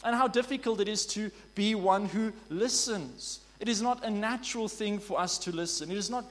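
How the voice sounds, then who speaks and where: High-voiced earnest male preacher. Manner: earnest, emphatic, slows down on key phrases. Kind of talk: sermon.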